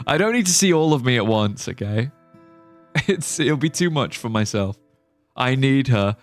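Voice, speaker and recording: A man livestreaming a game in casual chat, excitable and laughing often, with quick exclamations. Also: medium pitch, soft background music. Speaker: live streamer.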